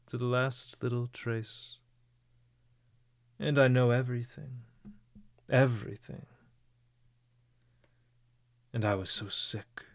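A man's voice: on the low side, vocal fry, no echo. A man voicing a feverish, brooding young man confessing, intense and sometimes sinking into unvoiced whispers.

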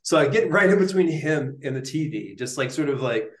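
A man's voice: on the high side, a little fast. A young man and neuroscientist guest, telling a story in a casual interview, full of slang and fillers like dude and like. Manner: animated, slangy, lots of likes and dudes. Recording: roomy echo.

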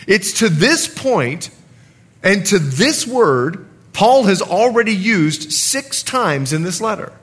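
A man's voice: sits high, animated, slow, fairly bright tone, slightly rough. A middle-aged man preaching a sermon as pastor, reading scripture aloud with emphasis.

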